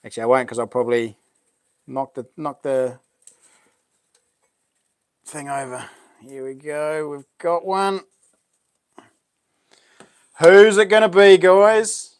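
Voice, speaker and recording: A man's voice: a little high, steady tone, takes it slowly, long pauses, clear, resonant tone, no room sound, studio quality. Chatty New Zealand man hosting a live stream. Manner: chatty, reads out and answers viewer messages. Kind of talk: casual live stream chat.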